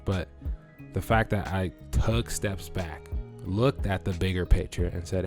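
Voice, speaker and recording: Deep-voiced man telling a casual story. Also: measured pace, a little mellow, soft background music. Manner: loose, cursing, storytelling with acted-out reactions. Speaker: vlogger. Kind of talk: casual talk to camera.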